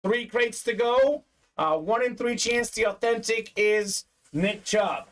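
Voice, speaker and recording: A man hosting a live sports card break stream, excitedly hyping up buyers and reading chat messages aloud. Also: high voice, slow. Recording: distant mic.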